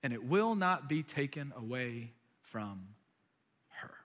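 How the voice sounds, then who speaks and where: A man voicing a calm male teacher who speaks slowly to soothe an upset friend. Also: medium pitch, in a large hall, voice pushed down. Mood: soothing. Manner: slow, soothing.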